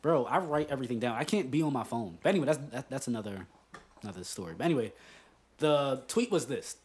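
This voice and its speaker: Drinking beer as he talks, a male podcast co-host tells a story in a casual, profane, emphatic style. His medium-pitched voice is expressive and darkish in tone, and he speaks at a quick pace.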